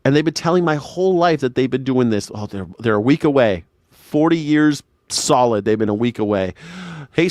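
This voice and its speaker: A man's voice: mid-range voice, no room sound. Brief: male streamer, forties, sarcastic and rambling, dry close sound. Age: 40s. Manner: sarcastic, argues with chat, rambling. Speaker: streamer host. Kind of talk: casual livestream commentary. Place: home in Southern California.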